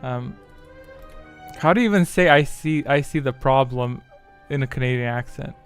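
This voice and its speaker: A man hosting a live-stream quiz, muttering to himself and grumbling at his software while he fixes settings. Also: medium pitch, normal speed, clean tone, faint music behind. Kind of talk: casual live-stream chat.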